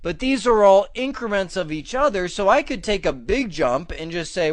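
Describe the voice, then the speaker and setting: A man's voice: high-pitched, sing-song, moderate pace, few pauses, dry recording. Upbeat chatty male tech instructor. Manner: upbeat, chatty, thinks aloud with fillers and small laughs. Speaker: networking instructor. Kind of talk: casual screen-recorded tech lesson.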